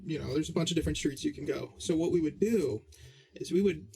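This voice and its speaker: A young man joining a podcast as a guest in casual chat, his voice fairly high for a man. He talks hesitantly, starting over and filling his pauses. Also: creaky, darkish tone. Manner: hesitant, many fillers and restarts.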